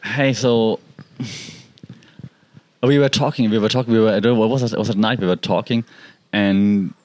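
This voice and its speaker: A man tells a personal story in a casual, meandering way. His voice sits on the low side, and he keeps circling back with "like" and restarts. The sound is dry and close. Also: fairly even intonation, normal speed, darkish tone, no room sound. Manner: rambling, heavy use of "like" and restarts. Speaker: pet owner telling a personal story.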